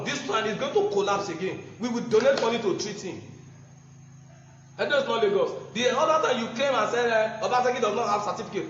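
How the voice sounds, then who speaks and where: A man with a Nigerian English accent and a very high voice delivers a fiery, mocking political speech, chuckling through his jabs. The sound rings with a heavy, long echo, as if from a large hall. The recording is dull and muffled. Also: a bit bright, slight background noise. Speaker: political campaigner.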